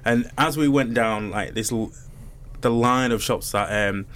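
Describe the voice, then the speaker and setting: A man casually telling his co-hosts about a trip, lively and animated as he recounts the people he met. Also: medium pitch, a little slow. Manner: animated storyteller, acts out the people he quotes. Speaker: podcast co-host. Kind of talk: casual chat.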